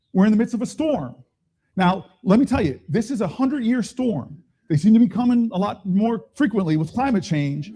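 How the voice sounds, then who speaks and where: A man's voice: sits high, mellow, slightly rough. A middle-aged man, a politician, telling stories in a speech at a town hall, with quoted voices and chuckles.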